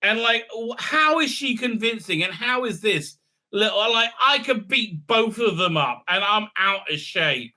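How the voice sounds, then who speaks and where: A man's voice: sits high, lively intonation, unhurried, sharp tone. A man giving a casual, mocking review, rambling with many fillers. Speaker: video reviewer.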